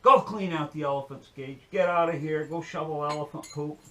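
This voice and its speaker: A man's voice: mid-range voice, sing-song, normal speed, a bit bright. A man voicing a flustered zoo boss who stammers while placating a customer. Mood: stern.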